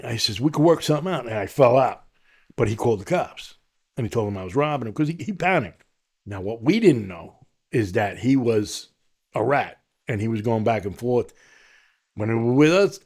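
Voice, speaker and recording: A middle-aged Long Island man with a New York accent and a medium-pitched voice at normal speed tells his story as a podcast guest. He's animated during the interview, acting out the voices of the people he quotes.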